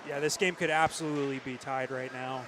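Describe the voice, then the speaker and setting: Relaxed hockey color commentator man. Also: mid-range voice, a little fast, a little hiss or hum. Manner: relaxed analysis of plays.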